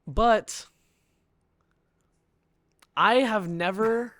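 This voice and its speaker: A man with a fairly high voice tells an outraged story on a podcast. He builds up, gets louder and laughs between lines. The sound is dry and close. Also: very slow, no room sound. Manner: indignant, building, with bursts of laughter. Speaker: podcast guest. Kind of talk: animated storytelling rant.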